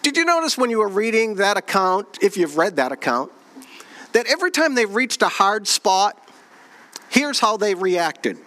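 Guy preaching a sermon, pretty high voice, asks the crowd questions, slows way down on the big lines. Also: sing-song, bright, forceful tone. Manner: asks the congregation questions, reads scripture aloud; slows and drops low on key phrases. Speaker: pastor.

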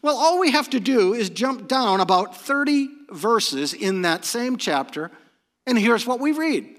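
A pastor from New England preaching a morning sermon, retelling scripture as an animated story. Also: male voice, very high voice, unhurried, big-room sound.

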